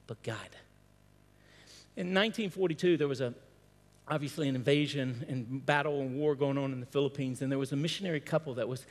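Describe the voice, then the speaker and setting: A male pastor preaching a sermon, firing off strings of rhetorical questions and stumbling over restarts as he presses his point. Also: on the high side. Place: church hall. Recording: long hall reverb.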